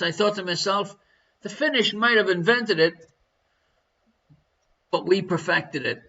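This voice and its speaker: Irish guy running a home quiz stream, high bright voice, kinda dull lo-fi sound. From Ireland. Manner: jokey, chatty, reads out answers. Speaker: quiz show host. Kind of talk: live online pub-style quiz. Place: living room at home.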